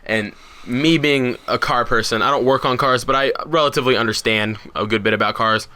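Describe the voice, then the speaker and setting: A man's voice: medium pitch, a little fast, pushed and bright, smooth. A man co-hosting a podcast, telling a story in casual chat with lots of fillers and restarts. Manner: rambling, many fillers and restarts. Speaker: podcast co-host.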